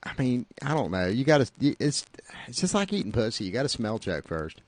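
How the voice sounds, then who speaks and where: A man's voice: medium pitch, big pitch swings, fairly quick, no room sound. A middle-aged man hosting a podcast, trading crude, teasing banter in a blunt, profane way. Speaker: podcast host.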